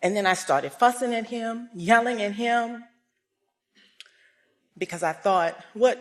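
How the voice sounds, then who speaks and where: A woman giving a personal testimony at a religious service, telling the story with emotion and rising to loud outbursts. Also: on the high side, measured pace.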